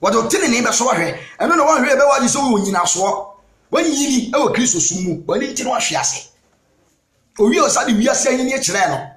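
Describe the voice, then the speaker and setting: High-voiced Ghanaian preacher in echoey room. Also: male voice. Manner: emphatic, punctuates with "Amen", bursts into shouts. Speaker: evangelist preacher. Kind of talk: sermon mixing Twi and English.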